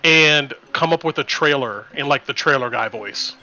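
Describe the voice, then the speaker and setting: A man's voice: medium pitch, normal speed, sharp tone. A man chatting casually as a player at a tabletop game, loose and full of fillers. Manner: loose, filler-heavy, friendly. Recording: dull lo-fi audio with faint music.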